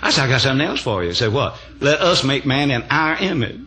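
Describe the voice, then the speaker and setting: A man's voice: mid-range voice, very animated, fast, pushed and bright. An older man preaching a sermon, telling folksy stories with emphatic amens and chuckles. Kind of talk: sermon storytelling.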